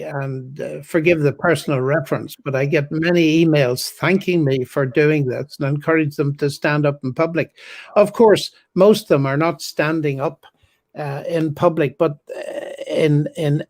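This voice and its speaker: An older man speaks as an interview guest, his voice sitting a little high. He talks in a measured, formal way and stresses key words as he recounts a story. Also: darkish tone.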